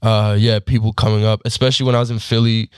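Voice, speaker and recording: A young man in his twenties with an Australian accent, gone slightly American, telling stories in a relaxed, casual way as a podcast guest, full of fillers and easy laughs. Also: lowish voice, fast, clear, resonant tone, no room sound, studio quality. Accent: Australian, partly Americanized. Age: 20s. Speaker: guest athlete.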